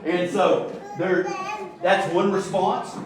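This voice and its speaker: A middle-aged man with a slightly high voice leads a Bible study in a church room, taking it slowly and keeping things relaxed and conversational. He tosses in joking asides and acts out little scenes. He sounds far from the mic in a very echoey room.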